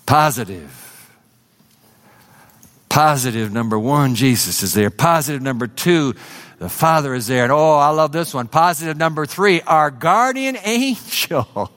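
A man preaching a sermon to a congregation, emphatic, swinging between loud declarations and hushed, intimate passages. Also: medium pitch. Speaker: pastor.

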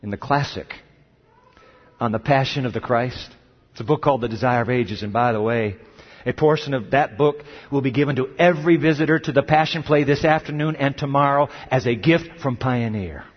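A man's voice: medium pitch, a little fast. Dramatic preacher man in an echoing hall. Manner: dramatic, wide swings from loud cries to hushed questions. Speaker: pastor. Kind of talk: sermon. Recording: long hall reverb, dull lo-fi sound.

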